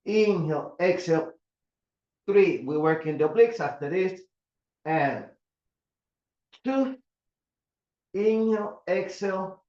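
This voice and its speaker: Older male fitness instructor, slow counted cues, roomy dull recording at home. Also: high-pitched. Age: 70s. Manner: counting reps slowly with calm cues. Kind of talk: guided mat exercise class.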